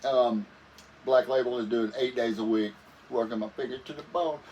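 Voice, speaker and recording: A man's voice: mid-range voice, moderate pace, a little mellow. A man guest musician telling stories casually in an interview, rambling and laid-back, often saying "man". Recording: voice a bit far from the mic with faint noise.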